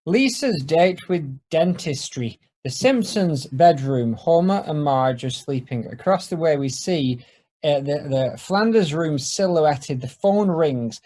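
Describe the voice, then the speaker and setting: A man's voice: a little high, lively intonation, slow pace, dark tone, slight background noise. A man hosting a podcast, reading a script aloud and asking hesitant questions between. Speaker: podcast host.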